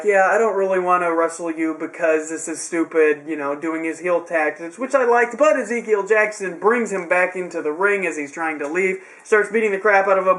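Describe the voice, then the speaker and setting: Young male reviewer, high voice, chatty and sarcastic, loose home-video feel. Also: a bit bright. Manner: rambling, sarcastic asides. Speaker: wrestling show reviewer. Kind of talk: casual recap.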